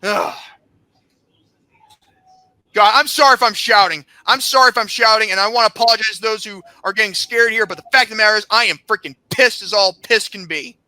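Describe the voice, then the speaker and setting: Shrill, bright-voiced man ranting indignantly. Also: fairly quick, no room sound. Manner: heated, indignant, breaks into shouting; sarcastic, mocking. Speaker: podcast host. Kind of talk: angry rant.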